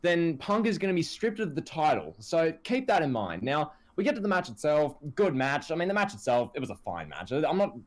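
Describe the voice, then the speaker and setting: Man, wrestling podcast co-host, upbeat and rising, swings his pitch widely. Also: fairly quick, few pauses. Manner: animated ranting, quotes others in put-on voices. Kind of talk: casual wrestling chat.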